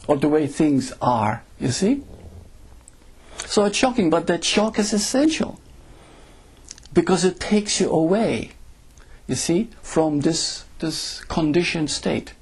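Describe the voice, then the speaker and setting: A man's voice: on the high side, big pitch swings, slow pace, pauses often, darkish tone, husky. A man giving a satsang talk as a spiritual teacher, speaking to a group and often asking "you see?".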